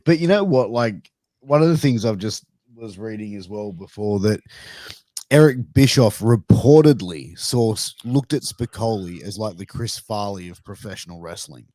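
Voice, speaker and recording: Man, low voice, casual podcast co-host, loose chatter, swears, dry close recording. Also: animated, normal speed, dark tone, no echo.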